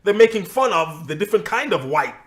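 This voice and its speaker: A high-pitched man with a lively, swooping voice, co-hosting a casual podcast. He argues with strong opinions and swears freely. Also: fairly quick. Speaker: podcast co-host.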